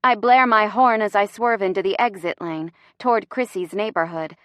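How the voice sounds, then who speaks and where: A woman narrating a first-person audiobook with lively, wry storytelling. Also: medium pitch, normal speed, no echo, clean studio sound.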